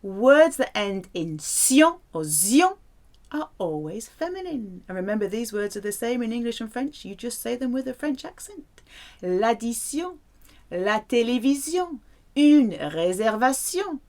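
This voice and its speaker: A woman teaching a French lesson in a playful way, saying the French words slowly and clearly. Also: fairly high pitch, sing-song, darkish tone. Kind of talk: language lesson to camera.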